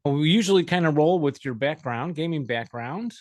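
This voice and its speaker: A man's voice: a little high, animated, brisk, dry recording. Upbeat male podcast co-host. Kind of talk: casual podcast hosting.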